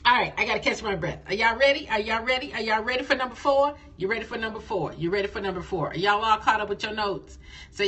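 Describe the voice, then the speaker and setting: Woman coach on a phone live stream, bright and animated, a bit husky, folksy, repeats herself for punch. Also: medium pitch, brisk. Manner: lively, folksy, repeats phrases for emphasis. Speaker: nonprofit fundraising coach.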